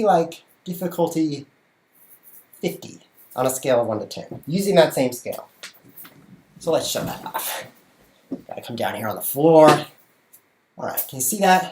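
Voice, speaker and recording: His voice sits on the high side and sounds a little mellow as this chess streamer and show host runs a casual livestream from his bedroom at home. Playful and joking, he describes what he's doing while he juggles.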